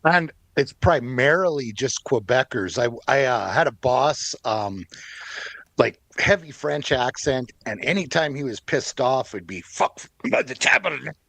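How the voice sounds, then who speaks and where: A man's voice: medium pitch, animated, measured pace, a bit bright. A man from Canada in casual podcast chat, telling stories unhurriedly and laughing often. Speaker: podcast co-host.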